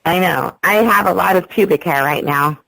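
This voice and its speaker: Woman, mid pitch, gravelly fry, blunt teasing tone, casual banter. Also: moderate pace, sharp tone, dry recording, low-quality recording.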